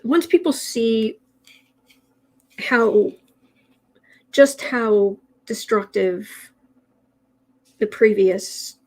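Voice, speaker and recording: Higher-pitched woman, chatty astrology stream host who rambles with restarts. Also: extremely slow, pauses often, poor audio. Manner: chatty, rambling, with frequent restarts and soft laughs. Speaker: tarot and astrology livestream host. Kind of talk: casual livestream chat, reading viewer comments.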